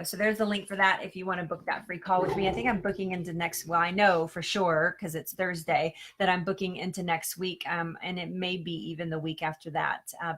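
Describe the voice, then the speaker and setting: A woman's voice: lowish voice, sharp tone. A woman health coach chatting casually on a live stream, answering questions with lots of ums and restarts and frequent laughs.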